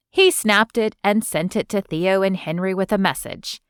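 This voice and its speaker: A woman reading romance fiction aloud as an audiobook narrator in an even, smooth storytelling manner. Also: mid-range voice, normal speed, few pauses, no room sound, studio quality. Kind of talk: scripted narration.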